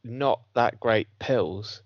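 A man's voice: medium pitch, very slow, no echo. A man telling sweary, laughing stories in casual banter as a podcast co-host. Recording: dry, dull lo-fi sound.

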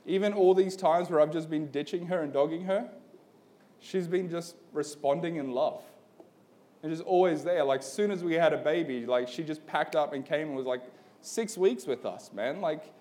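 A young man with a fairly high voice delivers a sermon in an easygoing, chatty way. His talk is full of "like" and "man". He tells a story plainly and then presses an earnest call to commitment. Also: normal speed, darkish tone. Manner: casual and storytelling, peppered with "like" and "man"; builds to an urgent appeal. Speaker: pastor. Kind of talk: conversational sermon.

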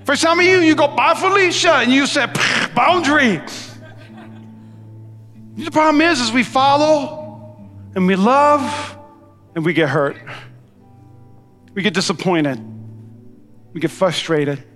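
A male pastor preaching a sermon in a large church hall, animated and acting out quotes in different voices. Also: very high voice, measured pace, long pauses. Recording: long hall reverb with faint music.

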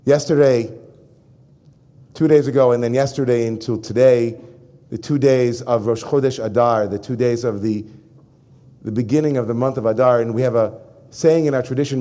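A rabbi giving a sermon to his congregation, emphatic and animated, often turning to address the listeners directly. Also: medium pitch, normal speed, pauses often.

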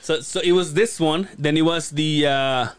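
A man's voice: on the high side, moderate pace, smooth, no echo. A man co-hosting a podcast in casual chat, rambling through stories, laughing often and acting out other people's lines. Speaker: podcast co-host.

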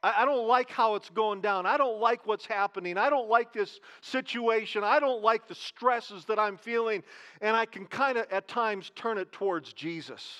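High-voiced pastor preaching conversationally. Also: male voice, pushed and bright. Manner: conversational preaching, asks the congregation questions, slows down for emphasis. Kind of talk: sermon.

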